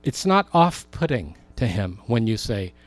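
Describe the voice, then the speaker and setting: A man's voice: fairly low pitch, very animated, no room sound. Impassioned male preacher, dry sound. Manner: impassioned preaching, rising for emphasis, slowing on key words. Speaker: pastor. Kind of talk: sermon.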